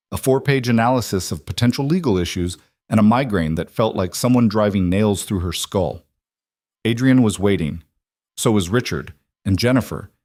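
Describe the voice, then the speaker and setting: Male narrator, low and steady, dry close read for scripted drama storytelling. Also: no room sound.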